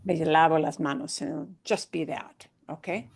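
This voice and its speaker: A woman's voice: low voice, fairly even intonation, moderate pace, creaky, darkish tone. A woman Spanish teacher explaining grammar to her class patiently, step by step, with everyday examples.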